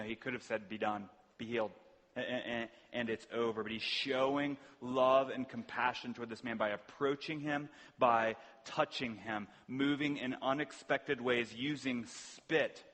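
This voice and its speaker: A man's voice: mid-range voice, a bit bright. An earnest man preaches from the pulpit, with a mid-range voice, doubling back on words and putting rhetorical questions to the congregation. His voice carries a long reverb from the church hall around him. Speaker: pastor. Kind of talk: sermon. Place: church sanctuary.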